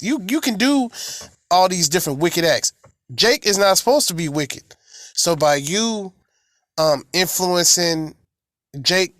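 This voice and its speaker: A man's voice: a little high, fairly bright tone, dry recording, studio quality. A man from the American South with a Southern accent, preaching a fiery, profane sermon and chanting prayers in rhythm. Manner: brash, profane, taunting. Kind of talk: fiery street-style sermon.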